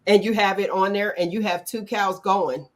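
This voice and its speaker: A middle-aged woman hosting a casual talk show, animated and acting out quotes in playful voices. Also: mid-range voice, moderate pace. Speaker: podcast host. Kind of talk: casual chat.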